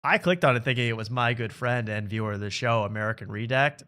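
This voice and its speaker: Male comedy podcast host, sarcastic and ranty, bright voice. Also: mid-range voice, fast, clean tone. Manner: sarcastic, ranting. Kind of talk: casual comedy podcast chat.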